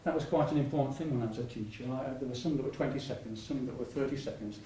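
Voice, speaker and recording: A man's voice: medium pitch, fast talker, dark tone, a little hiss or hum. An older man, telling stories in a public talk, rambling with many restarts and frequent laughter. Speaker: patient speaker at a public talk. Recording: echoey hall, mic at a distance.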